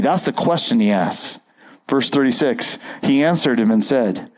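A man's voice: mid-range voice, expressive, moderate pace, darkish tone, rough recording. A man preaching an earnest, conversational sermon as a pastor, often restarting his phrases.

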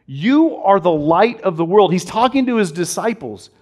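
A man's voice: high voice, animated, normal speed, a little mellow. A man in his thirties preaching a conversational sermon, reading scripture aloud and telling stories about his young son. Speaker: pastor.

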